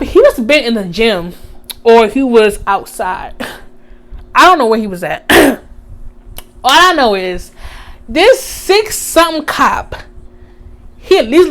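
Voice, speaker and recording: High-voiced young woman telling a storytime. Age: young adult. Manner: animated, slangy, reenacts quotes loudly. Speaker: vlogger. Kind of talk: casual storytime.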